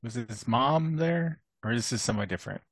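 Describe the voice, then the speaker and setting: A man's voice: mid-range voice, expressive, quick pace, no echo, clean studio sound. A man playing in a tabletop game, chatty and self-deprecating, laughing at his own slips. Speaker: player. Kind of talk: casual tabletop play.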